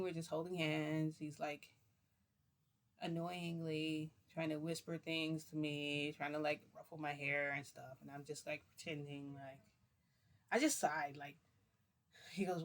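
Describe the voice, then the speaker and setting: A woman's voice: sits low, fairly even intonation, measured pace. A young woman tells her viewers a long personal story. She talks casually and rambles, and her sentences are packed with "like" fillers. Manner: rambling, chatty, full of "like" fillers. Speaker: vlogger.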